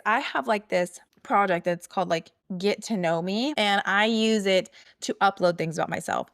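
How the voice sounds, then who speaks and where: A woman's voice: mid-range voice, fairly bright tone. A woman hosting a podcast, talking casually and chattily, full of "like" and "okay?" checks. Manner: chatty, filler-heavy, with many "like"s and "okay?"s. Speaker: podcast host. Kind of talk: casual solo podcast talk.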